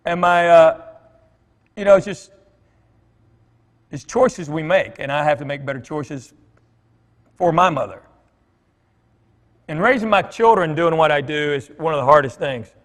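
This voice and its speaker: A middle-aged man with a slightly high voice talks to a church crowd on a stage mic. He tells stories in a loose, joking way, full of fillers and asides. His voice carries a long reverb from the large hall. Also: animated, unhurried, pauses often. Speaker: comedian speaking at church. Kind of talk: storytelling talk to a congregation.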